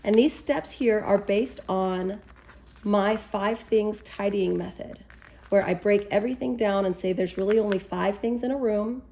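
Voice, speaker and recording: A woman's voice: medium pitch, a little slow, warm tone. A woman author telling a personal story, then walking through a product step by step in a casual, encouraging way. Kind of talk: casual explanatory talk to camera.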